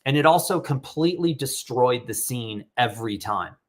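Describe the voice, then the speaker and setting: A man's voice: mid-range voice, expressive, normal speed. Middle-aged man, casual live-stream talk, candid, rambling, reading audience questions. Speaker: photographer hosting live critique.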